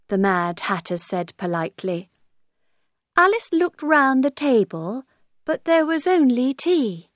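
A woman narrating a graded reader story for learners, reading slowly, clearly and deliberately. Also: on the high side, expressive, dry recording, studio quality.

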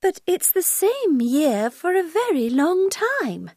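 Storybook girl, curious and cross, voiced by a woman, sharp, petulant lines. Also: very high voice, very animated, slow pace, no room sound, clean studio sound, voice pushed up, heavily acted.

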